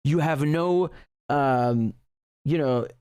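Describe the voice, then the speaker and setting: A man hosting a casual livestream, reading viewer messages aloud with lively, restarting speech. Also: a little high, drawn-out words, clear, resonant tone, dry recording, studio quality. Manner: animated, frequent restarts and laughter. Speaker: livestream host reading super chats.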